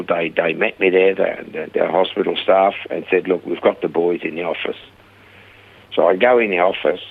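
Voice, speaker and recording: A man guest telling lively stories about his ministry, acting out the people he quotes, heard over a phone line. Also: sits low, vocal fry, dry recording. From Australia. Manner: animated storyteller, acts out quoted voices. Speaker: guest, rehab ministry founder. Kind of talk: conversational storytelling interview. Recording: dry phone-line sound.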